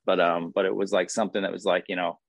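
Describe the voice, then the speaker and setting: A man's voice: low voice, level tone, quick pace, creaky, dry recording. A man with a New Jersey accent, a guest chatting casually in a wry, rambling way. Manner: rambling, wry, full of fillers. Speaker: guest, actor and crew member. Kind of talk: casual interview chat.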